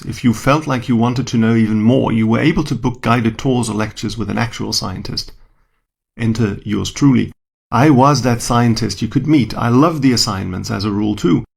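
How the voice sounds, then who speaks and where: A man's voice: medium pitch, vocal fry, slightly rough. A man, a scientist, telling a first-person story in a dry, wry, self-deprecating manner.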